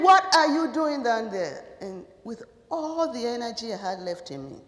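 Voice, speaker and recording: A woman's voice: medium pitch, vocal fry. Woman telling a story in a hall. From Nigeria. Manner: animated, with hesitant uh fillers and restarts. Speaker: speaker. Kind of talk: personal storytelling talk. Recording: echoey hall with long reverb.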